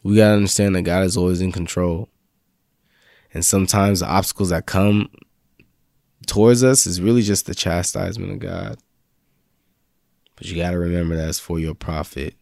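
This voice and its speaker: Young guy preaching casual, slangy and fired up, lowish voice, dry close sound. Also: fairly even intonation, moderate pace, vocal fry, pauses often, darkish tone, no echo. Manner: laid-back slangy preaching, rising to fervent confessions. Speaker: faith vlog host. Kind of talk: casual motivational faith talk.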